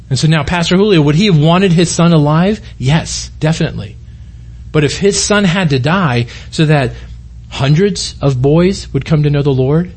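A man's voice: fairly high pitch, breathy edge. A middle-aged man, a pastor, preaching a sermon in an earnest, conversational way, often restarting his sentences.

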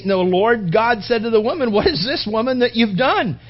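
A man preaching a sermon, acting out the voices he quotes and sometimes dropping to a hushed, near-whispered delivery. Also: very high voice, brisk, muffled recording. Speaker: pastor.

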